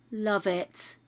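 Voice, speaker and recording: An older woman streaming a game and chatting casually to viewers. She is effusive and excitable, swears freely, and calls people darling. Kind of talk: casual live-stream chat.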